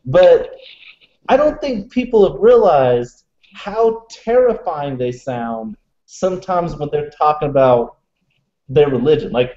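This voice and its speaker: Animated, swearing man in an echoey room. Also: fairly high pitch, takes it slowly. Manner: profane, animated storyteller with many fillers. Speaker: podcast co-host. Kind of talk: casual chat. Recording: dull lo-fi audio in an echoey room.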